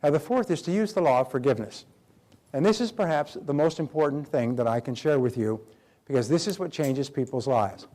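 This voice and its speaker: A man's voice: mid-range voice, lively intonation, fairly quick, mellow. A middle-aged man giving a motivational talk, emphatic, repeating key phrases and acting out quoted dialogue. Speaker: motivational speaker.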